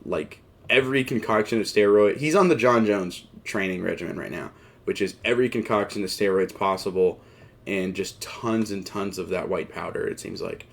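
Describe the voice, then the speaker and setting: A man's voice: low-pitched, normal speed, vocal fry. A man hosting a mixed martial arts show, talking in a rambling, casual way full of fillers and wry, self-mocking asides. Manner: wry, joking, laughs at himself. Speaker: MMA show host. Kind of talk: casual commentary.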